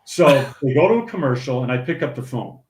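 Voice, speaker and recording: A fast-talking older man with a mid-range voice, a former pro bowler from St. Paul, Minnesota, guests on a podcast and shares a casual anecdote, laughing and restarting often. Echo fills the room.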